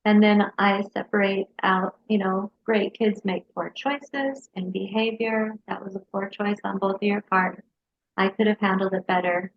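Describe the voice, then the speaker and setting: A woman therapist telling a personal story in an interview, in a lively storyteller's manner. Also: mid-range voice. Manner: lively storyteller who acts out her kids' voices. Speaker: hypnotherapist and mental health counselor. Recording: dull lo-fi sound.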